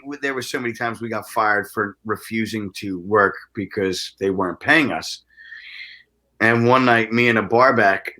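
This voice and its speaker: A bright-voiced man telling stories in an animated, profane way. He stumbles over his words with stammering restarts as he talks. He is a musician speaking as an interview guest. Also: lowish voice. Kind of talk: casual storytelling interview.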